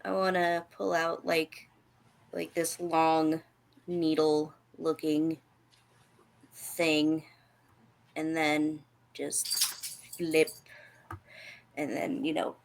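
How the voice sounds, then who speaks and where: A woman's voice: low voice, little pitch movement, drawn-out words, creaky, pauses often. A woman playing in a tabletop game, chatting playfully with lots of fillers. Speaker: player. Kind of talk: tabletop role-play chat.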